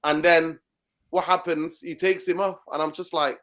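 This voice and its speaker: A man giving a casual football rant as a guest, animated and exasperated. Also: on the high side, normal speed. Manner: ranting, animated. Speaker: guest pundit.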